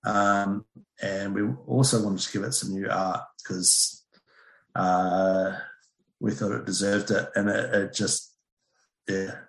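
A man's voice: fairly low pitch, fairly even intonation, slow, vocal fry, fairly bright tone, roomy sound. A man, a brewer guest chatting casually and hesitantly, with many fillers. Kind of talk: casual chat on a video call.

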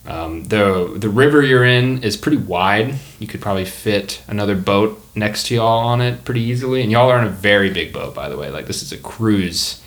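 A man's voice: on the low side, moderate pace, few pauses. A man narrating as game master in a tabletop game, casual and rambling.

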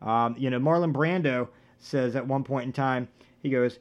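A man hosting a comedy podcast, rambling and profane, with deadpan absurd jokes. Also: medium pitch, a little fast. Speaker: podcast host.

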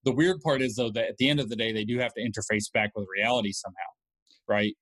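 A man appearing as a podcast guest, explaining ideas in a measured, casual way. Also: fairly low pitch, steady tone, fairly bright tone, dry recording. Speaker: guest author.

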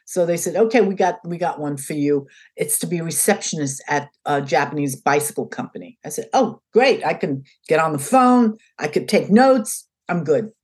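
Husky older woman telling a lively story. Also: low voice, moderate pace, hardly any pauses. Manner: animated, acts out quoted dialogue in changing voices. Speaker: guest. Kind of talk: casual storytelling in an interview.

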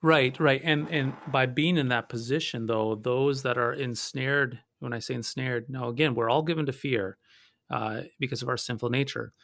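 A man, a pastor, talking through theology in an earnest, measured way, often restarting his sentences. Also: mid-range voice, fairly even intonation, gravelly, a bit bright, no room sound. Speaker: pastor and guest. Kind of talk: conversational theology discussion.

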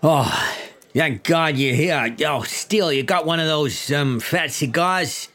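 A man voicing a gruff middle-aged police chief with a put-on New York accent, brash and bossy, with wheezy sighs. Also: on the high side, takes it slowly, fairly bright tone. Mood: jovial. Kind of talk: tabletop game character voice.

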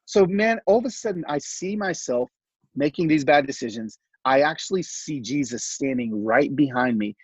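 Speaking at a normal pace, this middle-aged man appears as a podcast guest, recounting something personal with warmth, energy and a casual, filler-strewn delivery. His voice is husky and a touch high, captured in a dry, somewhat dull recording.

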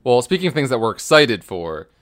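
Smooth-voiced man chatting casually. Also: medium pitch, sing-song, brisk, fairly bright tone. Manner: casual, hedging, wry. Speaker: podcast co-host. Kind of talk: casual gaming chat.

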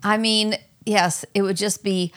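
A woman's voice: medium pitch, steady tone, measured pace, a bit bright. A middle-aged woman, a mother, talking frankly and unhurriedly in a casual chat. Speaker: guest, mother.

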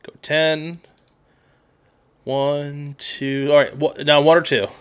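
A man's voice: fairly high pitch, little pitch movement, slow, clear, resonant tone. A man hosting a casual podcast, playfully running a party game and laughing often.

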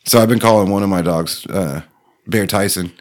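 A man's voice: low voice, normal speed. A man co-hosting a casual podcast, telling laid-back stories and laughing often. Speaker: podcast co-host. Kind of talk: casual chat.

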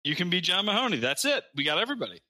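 A man's voice: high voice, sing-song, racing, pushed and bright. A man co-hosting a podcast in casual chat, joking and mocking himself. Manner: joking, self-mocking, breaks into sung bits. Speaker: podcast co-host.

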